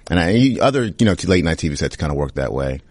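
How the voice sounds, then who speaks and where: Very deep-voiced young comedian, relaxed. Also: male voice, quick pace, husky, no room sound. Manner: relaxed, casual, rambling. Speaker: comedian interviewee. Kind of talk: interview answers.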